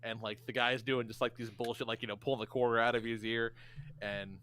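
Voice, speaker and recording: A man's voice: mid-range voice, a little fast. A man co-hosting a podcast in casual chat, telling stories with plenty of swearing. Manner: animated storytelling, swearing. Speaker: podcast co-host.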